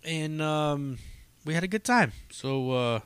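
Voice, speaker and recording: A man's voice: fairly high pitch, lively intonation, slow pace, fairly bright tone, clear, resonant tone, no echo. A man hosting a podcast, telling stories in a profane, rambling, casual monologue with frequent laughs. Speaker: podcast host and comedy show runner.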